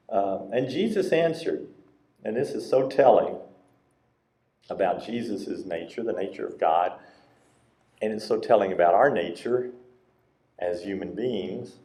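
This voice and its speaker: A man's voice: fairly low pitch, lively intonation, measured pace, dark tone. A man preaching a sermon as pastor, speaking conversationally and acting out quoted lines in a livelier voice, in a church sanctuary. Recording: roomy church sanctuary sound.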